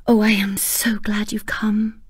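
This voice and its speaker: A woman voicing a small, frail, grieving older wife, speaking in a soft, urgent whisper as whispered role-play. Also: mid-range voice, fairly quick, husky, dry recording, clean studio sound, natural voice. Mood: pleading.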